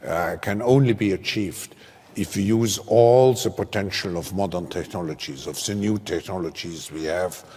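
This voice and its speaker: Male moderator, very deep and husky voice, recorded in a reverberant hall. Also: moderate pace, dark tone. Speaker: panel moderator. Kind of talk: moderating a panel.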